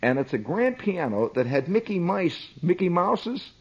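Husky middle-aged man spinning a funny yarn, chatty asides, very animated delivery. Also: sits high, a little slow, poor audio. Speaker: storyteller. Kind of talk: comic storytelling monologue.

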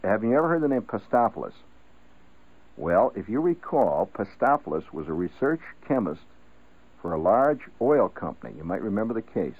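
Man, radio storyteller, lively rambling delivery, tinny narrow-band sound. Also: lowish voice, moderate pace, breathy edge. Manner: conversational, digressive, asides like "see?". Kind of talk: rambling spoken-word storytelling.

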